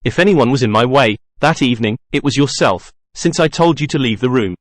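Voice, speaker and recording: A man reading the lines of a young woman singer in a gentle, slightly raised voice. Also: mid-range voice, expressive, a little fast, no room sound, studio quality, natural voice. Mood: earnest.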